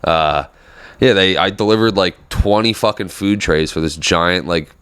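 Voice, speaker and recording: Young male co-host, very deep voice, crude casual bro talk. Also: a little slow, a bit bright, clear, resonant tone, no room sound. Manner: crude, bro-ish banter. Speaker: podcast co-host. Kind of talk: casual chat.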